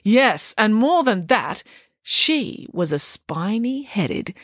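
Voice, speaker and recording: A grandiose, self-assured pig nanny from a storybook reading, emphatic and opinionated, her voice bright and lively in pitch, as a woman puts her on. Dry, close recording. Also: slow pace, dry recording.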